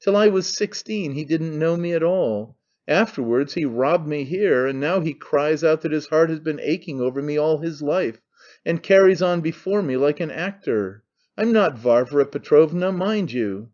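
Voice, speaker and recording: A man's voice: a little high, animated, normal speed, a little mellow, muffled recording, natural voice. A man voicing a brash young man who mocks his father in an offhand, needling way. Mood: scornful. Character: young man, mocking, cynical, brash son.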